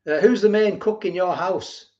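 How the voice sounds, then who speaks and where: On dull, lo-fi stream audio, a middle-aged host chats loosely with viewers, reading their comments and wandering back over the same points. He has a high, darkish voice and speaks at a normal speed.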